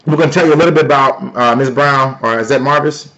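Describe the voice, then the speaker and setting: A man hosting a live stream, talking loudly and playfully to his viewers in a casual sales pitch. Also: quick pace, highs cut off. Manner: loud, playful, talks to chat. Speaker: livestream host.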